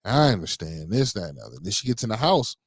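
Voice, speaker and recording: A man co-hosting a podcast, telling parenting stories in a relaxed, rambling way full of fillers. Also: fairly low pitch, fast, breathy edge, dry recording. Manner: relaxed storytelling with many fillers. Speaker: podcast co-host. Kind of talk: casual chat.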